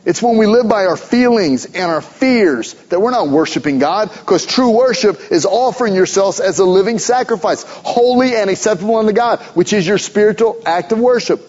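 A pastor preaching a sermon in an earnest, emphatic way, driving points home through repetition. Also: male voice, high-pitched, lively intonation, moderate pace, few pauses, a little mellow, muffled recording.

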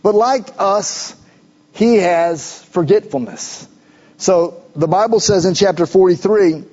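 A male pastor preaching a sermon in a conversational, animated storytelling way, with rhetorical questions. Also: fairly high pitch, normal speed. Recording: dull lo-fi recording.

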